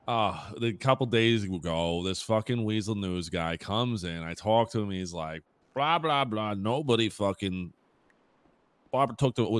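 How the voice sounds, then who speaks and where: A man's voice: low-pitched, clean tone, no room sound. A man casually role-playing a police officer, telling blunt, profanity-laced stories to his colleagues. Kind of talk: casual in-character roleplay chat.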